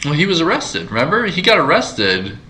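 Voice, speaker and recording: A man's voice: fairly high pitch, huge pitch swings, a little fast, bright, forceful tone, a little hiss or hum, poor audio. A man co-hosting a casual podcast, chatting about movies in a rambling way with many fillers and restarts. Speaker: podcast co-host. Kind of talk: casual chat.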